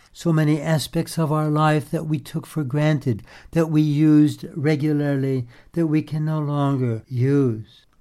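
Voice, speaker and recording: Slow, mellow-voiced man preaching a sermon. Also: on the high side. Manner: slow, measured prayerful preaching.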